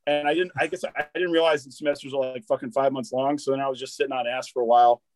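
A man's voice: medium pitch, fairly even intonation, very fast, no echo. Rambling, cursing guy, dry close sound. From Wisconsin, US. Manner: rambling, swears freely, repeats and restarts words, says dude and bro. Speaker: military veteran guest. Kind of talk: casual storytelling conversation.

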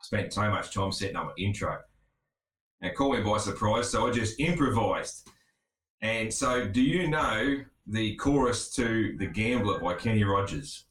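An Australian man hosting a casual podcast chat, relaxed, swearing freely and laughing often. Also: fairly low pitch, moderate pace, reverberant. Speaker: podcast host.

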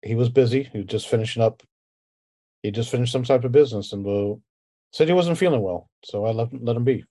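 A man's voice: medium pitch, fairly quick, mellow, lightly acted. A man voicing a female elf noblewoman who explains herself in a matter-of-fact way. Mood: defensive.

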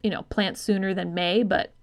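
A woman's voice: mid-range voice, fairly even intonation, moderate pace. Rambling, laughing female podcast co-host. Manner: rambling, thinks aloud, profane, laughs easily. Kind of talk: casual film-review chat.

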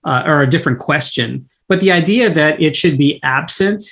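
A man's voice: a little high, creaky, a bit bright. Thoughtful man hosting an interview. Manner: thoughtful, slow, searching phrasing with restarts. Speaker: interview host. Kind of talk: interview questions.

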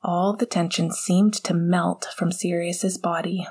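A woman narrating fan fiction aloud in a soft, measured manner. Her voice is breathy and sits low. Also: flat delivery. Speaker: audiobook narrator.

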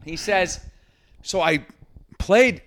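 A man's voice: sits high, expressive, very slow, a bit bright, no room sound. A man co-hosting a podcast, telling a long story in casual chat, swearing freely and acting out quoted voices. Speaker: podcast co-host.

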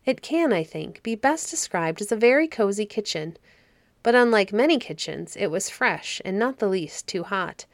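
A woman narrating a fairy story audiobook in a calm, measured way. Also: medium pitch, no room sound. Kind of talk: reading a fairy story aloud.

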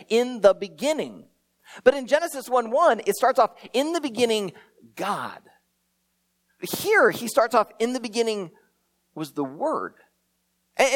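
A preacher giving a sermon in a conversational way, asking the congregation rhetorical questions and adding playful asides. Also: mid-range voice.

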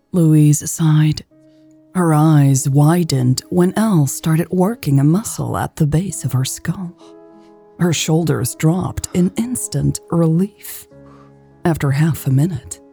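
Low, slow woman reading an audiobook. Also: gravelly, slightly rough. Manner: calm, intimate, unhurried reading. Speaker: audiobook narrator. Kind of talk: audiobook narration.

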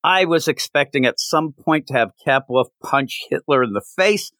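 Chatting about comic books on a podcast he co-hosts, a man animatedly performs the quoted characters' lines. His voice sits on the high side at a moderate pace, and there's no echo.

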